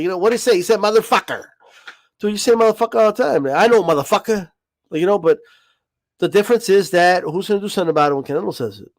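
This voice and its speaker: A man's voice: sits high, no echo. A man hosting a boxing livestream, rambling and swearing in a casual rant, always asking if you know what he means.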